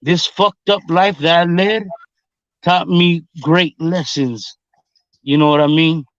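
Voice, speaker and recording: A man's voice: on the high side, steady tone, takes it slowly, no echo. A man talking as a rapper guest in casual storytelling chat, blunt and profane, often repeating himself. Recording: muffled lo-fi recording.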